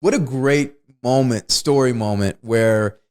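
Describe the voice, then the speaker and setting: A man's voice: mid-range voice, unhurried, darkish tone. A man co-hosting a podcast, chatting casually about a film, laughing often and using lots of "like". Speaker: podcast co-host. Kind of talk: casual movie discussion.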